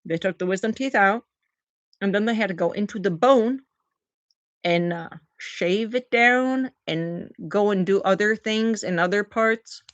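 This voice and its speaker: A woman chatting on a live stream and thanking viewers for gifts. She is recovering from oral surgery and tells her story in an animated way, acting out the quotes. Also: medium pitch, a little slow, no room sound, lo-fi sound. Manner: animated storyteller, acts out quotes in big voices. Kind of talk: casual live-stream chat.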